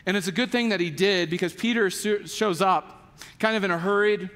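A pastor with a high-pitched voice delivers a sermon in a church sanctuary, and the sound carries like a large hall. Speaking at a normal pace, he tells casual, animated stories, voicing the characters' quotes and using "like" often.

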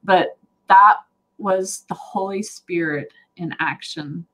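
A woman sharing a personal faith story on a talk show, earnest and animated, laughing often. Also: lowish voice, slow pace, poor audio. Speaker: guest sharing testimony.

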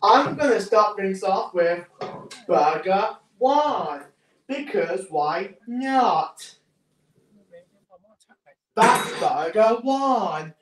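A woman streamer chatting through a game with hysterical, shouted outbursts. Her voice swings all over its range and she often slows right down. The room gives her voice a noticeable echo. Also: medium pitch, distant mic. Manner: excitable, hysterical shouting bursts. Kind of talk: casual live-stream commentary. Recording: roomy echo, faint noise.

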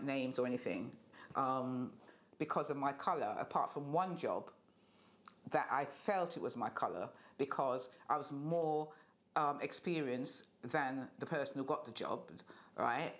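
An older speaker recalling their experiences in a documentary interview in a hesitant, reflective way. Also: mid-range voice. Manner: hesitant and reflective, many fillers.

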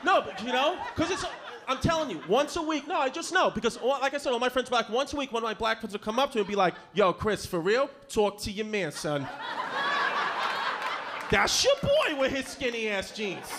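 Brash, profane New stand-up in his thirties, fairly high voice, live club recording with clear audience noise. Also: big pitch swings. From Brooklyn, New York. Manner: brash, profane, rapid-fire with crowd work. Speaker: stand-up comedian. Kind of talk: stand-up comedy set. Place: comedy club stage before a live audience. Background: audience laughter.

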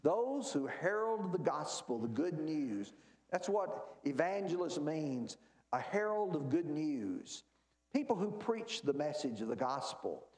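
A man's voice: fairly high pitch, sing-song, a little slow, darkish tone, reverberant. A man teaching a church Bible class, emphatic, asking questions and answering them himself. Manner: emphatic, asks and answers his own questions.

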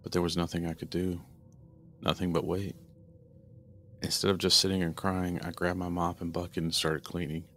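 A man narrating a first-person horror story in a steady, earnest storytelling manner. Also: low voice, moderate pace, pauses often, slight background noise.

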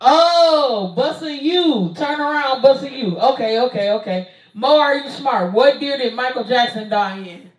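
A woman's voice: high-pitched, lively intonation, unhurried, hardly any pauses. A young woman streamer answering viewer questions in a casual, blunt, profane way, stalling with lots of ums. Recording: roomy sound, distant from mic.

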